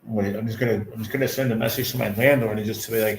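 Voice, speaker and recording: Speaking quickly and with few pauses, a forties-aged male channel host addresses his viewers and chat casually, venting bluntly and cursing often. His fairly low voice stays fairly even in intonation and carries vocal fry, with slight background noise.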